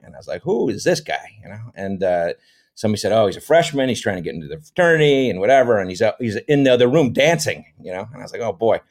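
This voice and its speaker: A man's voice: on the low side, quick pace. A middle-aged American man telling stories in a casual interview, rambling with lots of fillers. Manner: relaxed, rambling, many fillers. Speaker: podcast guest, comedy actor.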